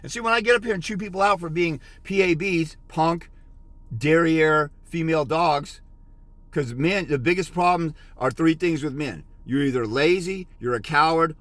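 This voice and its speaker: A man's voice: on the high side, a little fast, fairly bright tone, no room sound. A middle-aged man giving a blunt, scolding motivational rant as a fathers' rights consultant, lecturing harshly.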